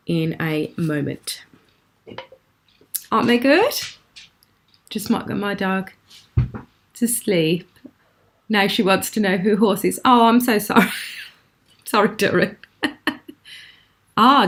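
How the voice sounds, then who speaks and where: A British woman hosting a live craft show from home, chatting admiringly and laughing often. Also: medium pitch. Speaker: craft channel host.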